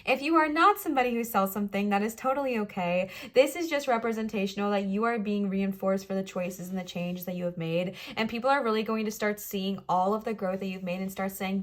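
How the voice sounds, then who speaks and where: A woman giving a pick-a-card tarot reading to camera, fast-talking, gushing and reassuring. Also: medium pitch. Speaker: tarot reader.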